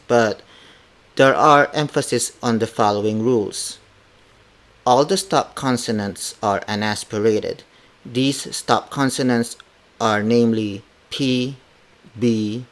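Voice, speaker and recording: A man teaching pronunciation on a podcast, saying each example word slowly and repeating it several times, louder on the examples. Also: medium pitch. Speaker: language teacher. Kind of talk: podcast language lesson.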